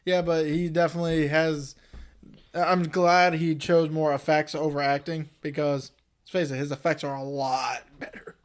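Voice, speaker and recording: A man co-hosting a casual movie review chat, laid-back and quick to joke and laugh. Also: a little high, level tone. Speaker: podcast co-host.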